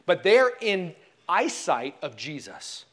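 A man preaching a sermon in a church, telling the story expressively and dropping to hushed tones for emphasis. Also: sits high, sing-song, slow. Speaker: pastor.

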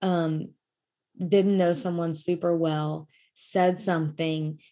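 Young woman host, lower voice, chatty storyteller, laughs a lot, filler-heavy. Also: flat delivery, slow pace, warm tone. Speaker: podcast host. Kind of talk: casual storytelling chat.

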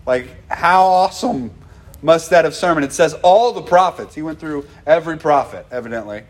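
A man preaching a conversational, animated sermon as a pastor. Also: on the high side, moderate pace. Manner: animated, conversational, acts out quoted dialogue.

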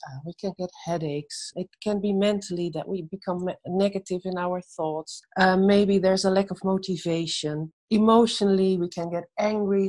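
A woman giving gentle, measured answers in a faith-based conversation and telling a short story. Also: fairly low pitch. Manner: gentle, measured, tells stories. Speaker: guest speaker on faith and anxiety.

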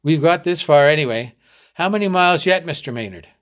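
A man's voice: fairly high pitch, animated, a little fast, a bit bright, pitched above the performer's own voice. A man reading the part of a young boy, out of breath and trying to sound brave. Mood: winded. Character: tired young boy on snowshoes, gallant.

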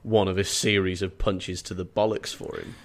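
A young man with a low voice gives sharp, opinionated takes in a casual podcast chat. He is wry and throws in cheeky jokey asides. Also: level tone, moderate pace. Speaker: podcast co-host. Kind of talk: casual book discussion.

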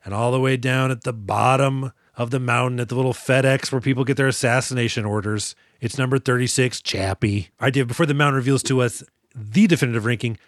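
A man co-hosting a casual movie podcast, animated and profane, sometimes putting on voices for film characters. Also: mid-range voice, fast, no room sound, studio quality. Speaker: podcast co-host.

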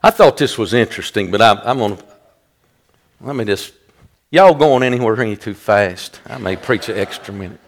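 A man pastor preaching a sermon, rising loud and high when he quotes a rebuke. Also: expressive, normal speed.

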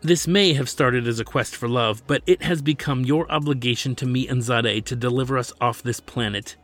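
A man's voice: medium pitch, fairly quick, a bit bright, faint music behind, natural voice. A man voicing a stern, formal male manager and loyal servant, speaking insistently.

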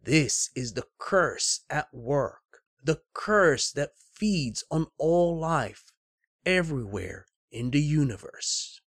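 A man voicing a sorrowful, weary old man who speaks softly and solemnly, in a read-aloud book passage. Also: fairly high pitch, animated, slow, heavily acted.

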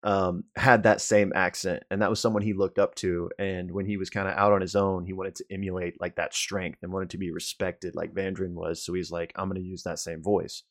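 A man with a very deep voice, explaining points in a measured, slightly hesitant way during a relaxed chat. He often stops to search for the right words. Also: dry recording, clean studio sound. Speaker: podcast co-host. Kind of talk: casual chat about a show.

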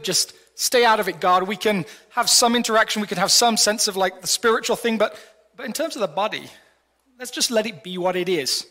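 A middle-aged male pastor gives a sermon in a big hall, and his voice carries a long reverb. His tone sits high and bright, and he talks to the congregation in a conversational, playful way, stacking up rhetorical questions. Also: a little fast. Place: large hall before a congregation.

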